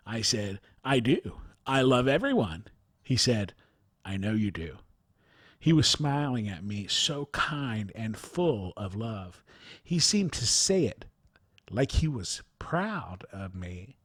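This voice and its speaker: A man reads a written testimony aloud in a slow, earnest voice. His voice sits in a middle range, and the sound is close and dry. He even speaks the punctuation marks as he reads. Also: mid-range voice, no room sound. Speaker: narrator reading a near-death account.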